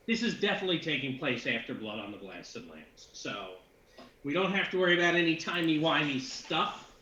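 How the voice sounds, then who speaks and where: In an echoey room with faint noise and a muffled, lo-fi sound, a male game master narrates a tabletop session for his players. His voice is fairly high and sharp, and he rambles, restarting often and filling gaps with fillers.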